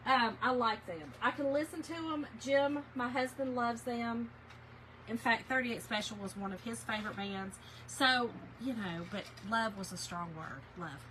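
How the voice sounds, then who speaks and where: A woman's voice: a little high, a little slow, a bit bright, a little hiss or hum, rough recording. A woman chatting with viewers by name while she demonstrates a craft project on a livestream, with many fillers. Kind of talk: casual livestream craft tutorial.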